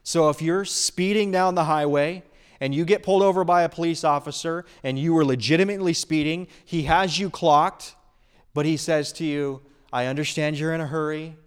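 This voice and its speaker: A man's voice: a little high, moderate pace, smooth. Earnest man preaching a sermon. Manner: earnest, builds emphasis on key phrases. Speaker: pastor. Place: church.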